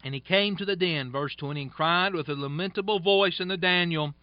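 Man, preacher, high voice, reads scripture then comments, dry muffled recording. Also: brisk, no echo. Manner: reads scripture aloud, then explains it in plain folksy asides. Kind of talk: sermon. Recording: dull, dry, lo-fi sound.

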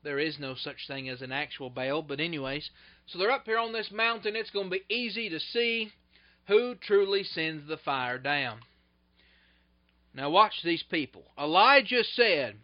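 A male preacher giving a sermon, retelling scripture in an animated way that swings between loud bursts and hushed asides. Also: sits high, moderate pace. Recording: dull lo-fi recording.

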